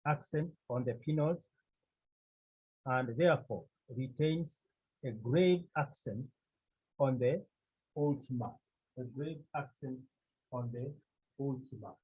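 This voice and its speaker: A man's voice: on the high side, darkish tone, breathy edge, dull audio. A man teaching a Greek grammar lesson to a class, repeating key phrases and asking the students questions.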